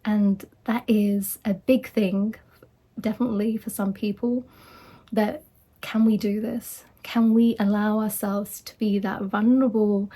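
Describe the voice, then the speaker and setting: A woman's voice: mid-range voice, warm tone. A woman life coach giving a casual, earnest motivational talk, reassuring and acting out quoted voices.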